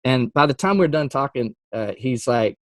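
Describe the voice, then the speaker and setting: A Christian music artist tells a story during a casual interview, speaking animatedly at a normal speed. He acts out quotes with sudden jumps in pitch and laughs often, and there's no room sound.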